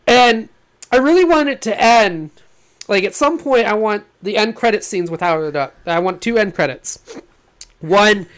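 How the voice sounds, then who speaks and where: A man co-hosting a podcast in casual chat, animated and laughing often as he pitches ideas. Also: moderate pace. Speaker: podcast co-host.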